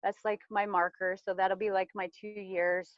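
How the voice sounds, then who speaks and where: A woman's voice: medium pitch, flat delivery, moderate pace, no room sound, dull audio. A mother in her thirties giving a casual personal testimony, chatty and full of "like", acting out her own past thoughts as she talks.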